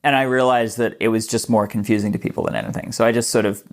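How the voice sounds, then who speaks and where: A man's voice: lowish voice, steady tone, fast talker. Man, mostly American accent, faint Australian traces, guest, chatty, self-deprecating, restarts words. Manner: chatty, self-deprecating, stumbles on word starts. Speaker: magician guest. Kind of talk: casual interview.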